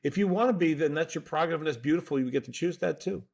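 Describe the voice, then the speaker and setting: A man's voice: fairly high pitch, rapid-fire, gravelly, a little mellow. A man, a mental toughness coach, explains his ideas in an interview in an earnest, emphatic way. He often checks in with "right?". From New Jersey.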